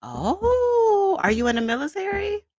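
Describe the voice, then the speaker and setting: Animated woman hosting a livestream chat. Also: on the low side, measured pace, no room sound, dull audio. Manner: animated, greets chat by name, laughs often. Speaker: livestream host. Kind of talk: casual livestream chat with viewers.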